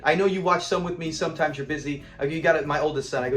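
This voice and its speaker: Male channel host, high voice; chatty, giggly episode recap with acted-out quotes. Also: racing, hardly any pauses, soft background music. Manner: excitable, laughs a lot, acts out lines. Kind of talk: casual video commentary.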